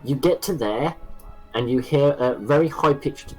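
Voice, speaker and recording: A man's voice: mid-range voice, unhurried, darkish tone, soft background music, poor audio. A man from the running a tabletop game as game master, describing scenes and rulings step by step over an online call. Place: home, online session.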